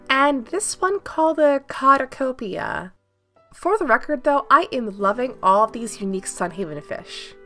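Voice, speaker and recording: Bright, upbeat young woman narrating gameplay. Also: a little high. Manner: upbeat, playful. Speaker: gaming YouTuber. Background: faint background music.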